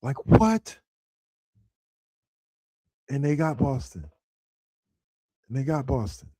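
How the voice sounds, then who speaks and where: Man with a mellow, dry voice. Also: mid-range voice, a little slow, slightly rough, no echo. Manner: animated, rambling, excitable with frequent restarts. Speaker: podcast host. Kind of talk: casual sports podcast talk.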